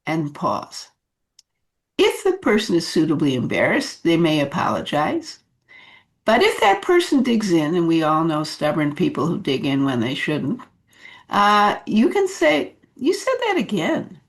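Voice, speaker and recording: A woman leadership coach giving advice in an unhurried talk, with many fillers and restarts. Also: sits low, wildly swooping pitch.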